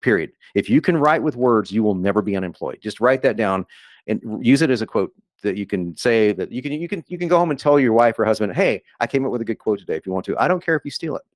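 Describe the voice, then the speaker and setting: Man, excitable sales pitch, rambling, restarts, mid pitch, dry sound. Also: fast, no echo. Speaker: guest copywriter. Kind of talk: enthusiastic sales pitch on a webinar.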